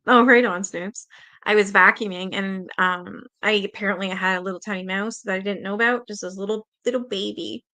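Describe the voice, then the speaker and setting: A woman's voice: mid-range voice, steady tone, brisk, pushed and bright. A Canadian woman hosting a livestream, reading aloud and chatting loosely with her viewers, swearing freely and laughing often. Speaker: livestream host.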